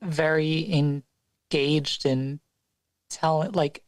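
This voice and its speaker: A woman's voice: low voice, fairly even intonation, slow. A woman on a podcast giving blunt, profane opinions in casual chat.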